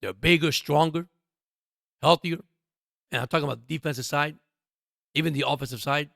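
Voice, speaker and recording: Here a man with a creaky, fairly high, slightly bright voice talks briskly on a sports podcast, recorded at studio quality without echo. He keeps saying "guys" to his listeners and repeats himself as he pushes an emphatic, passionate take on sports.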